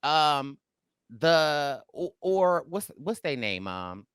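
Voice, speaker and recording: A man hosts a casual recap chat, his voice bright and forward. He rambles, restarts sentences and hunts for names as he talks. The sound is dry and close. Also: a little high, sing-song, very slow, clean tone, no echo. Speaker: podcast host.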